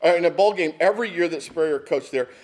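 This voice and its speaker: Man, middle-aged, pastor's sermon, high voice, chatty storytelling. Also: quick pace, darkish tone. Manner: conversational storytelling, asks the room "right?".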